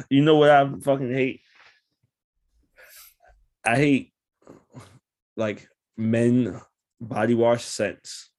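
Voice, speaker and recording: A man's voice: medium pitch, flat delivery, extremely slow, pauses often, a little mellow. A man chatting casually, ranting in a blunt, profane, joking way. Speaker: podcast co-host. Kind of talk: casual chat.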